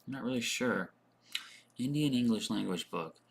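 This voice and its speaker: A man's voice: mid-range voice, lively intonation, normal speed, creaky. A man teaching English on a casual livestream, thinking aloud as he answers chat questions with lots of fillers and repeated words.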